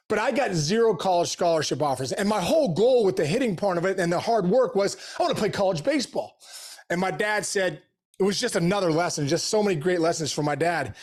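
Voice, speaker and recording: A middle-aged man, a guest on an interview show, telling stories in an energetic, animated way with slangy asides. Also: sits high, fast talker. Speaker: podcast guest, former pro baseball player. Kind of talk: casual storytelling interview.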